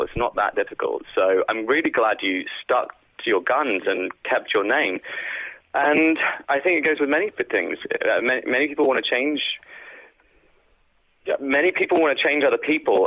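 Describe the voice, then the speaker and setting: A man's voice: medium pitch, dry recording. A man, a guest actor, talking earnestly and reflectively in a casual interview, heard over a phone line. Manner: reflective, earnest, with many fillers. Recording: tinny phone-line sound.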